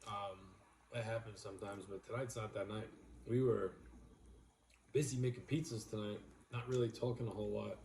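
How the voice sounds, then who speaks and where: A man's voice: lowish voice, fairly even intonation, moderate pace, darkish tone. A man from New York co-hosting a casual home livestream, bantering with viewers in a rambling, joking way. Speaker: livestream co-host. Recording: echoey room, faint noise.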